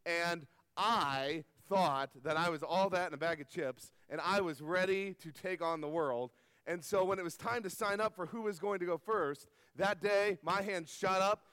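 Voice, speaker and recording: A man's voice: high-pitched, fairly bright tone, smooth, dry recording, big-room sound. A man preaching a sermon to a live audience, telling a personal story earnestly and asking the listeners questions. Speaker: pastor. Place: camp meeting hall.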